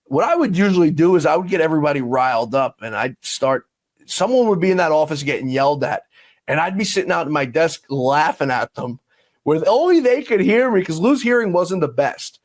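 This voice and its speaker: A fairly high-voiced man tells stories in an animated, chatty way, laughing between lines. The sound is close and dry, with no room echo. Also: a little fast. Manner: lively storyteller, laughs often, acts out quotes. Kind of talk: casual reminiscing chat.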